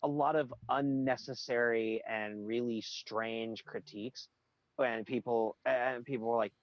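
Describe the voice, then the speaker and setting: A man's voice: medium pitch, steady tone, unhurried, no room sound, muffled recording. A man co-hosting a podcast in casual chat, ranting with strong opinions and frequent restarts. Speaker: podcast co-host.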